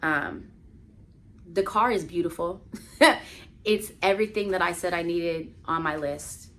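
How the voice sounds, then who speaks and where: A woman vlogger telling a personal story in a casual, animated way, full of "like" fillers, swinging between hushed and exclaiming. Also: on the low side, a little slow. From United States.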